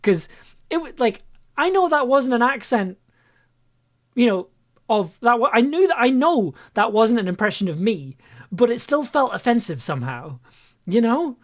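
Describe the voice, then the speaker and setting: A woman's voice: fairly high pitch, sing-song, normal speed. A woman chatting loosely on her own live stream about making an audio piece, rambling and laughing often at herself. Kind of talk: casual live-stream chat.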